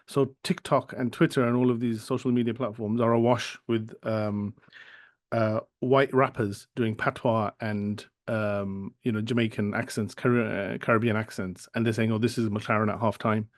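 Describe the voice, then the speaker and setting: Chatty Birmingham podcast host, dry sound. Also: male voice, on the low side, fairly even intonation, normal speed, dry recording. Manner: chatty, with filler-heavy tangents. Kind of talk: casual football chat.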